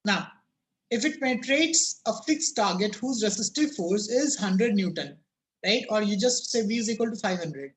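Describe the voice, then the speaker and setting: Man, physics teacher on a video call, voice cracking, fairly high, keeps drilling students with questions. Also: animated, normal speed. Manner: keeps asking students "yes or no?" and "think about it". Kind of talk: online class teaching.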